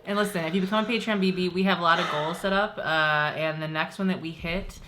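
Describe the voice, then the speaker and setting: A woman's voice: on the low side, fairly even intonation, fast, a bit bright, slight background noise. A woman co-hosting a casual chat show, riffing jokes and puns in a playful way. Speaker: co-host.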